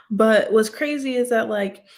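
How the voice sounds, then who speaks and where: A woman teaching a casual Bible study in a chatty way, full of "like" and "um" and quick laughs. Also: fairly high pitch, a little mellow. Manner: chatty, lots of "like" and "um", laughs often.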